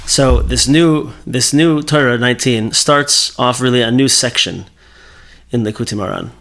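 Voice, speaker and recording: A man's voice: mid-range voice, normal speed, a bit bright. Man, Torah teacher, mid-range voice, casual conversational lesson delivery. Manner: conversational, thinking aloud with fillers and self-corrections.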